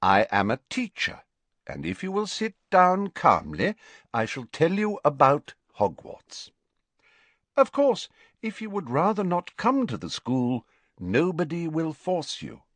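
A man voicing a calm, patient old male wizard headmaster in an audiobook, speaking in a measured, formal way. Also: medium pitch, no echo, pitched above the performer's own voice, heavily acted. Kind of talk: audiobook character reading.

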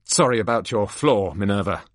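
A man's voice: on the low side, animated, normal speed, dry recording, voice pushed down. A man voicing a cool, aloof adult wizard father in an amateur play-script reading, dry and clipped.

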